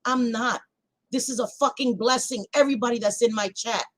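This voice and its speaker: A woman hosting a livestream, ranting to her chat in a heated, profane casual way that swings between loud outbursts and quieter stretches. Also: a little high, steady tone, a little fast, low-quality recording. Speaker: livestream host.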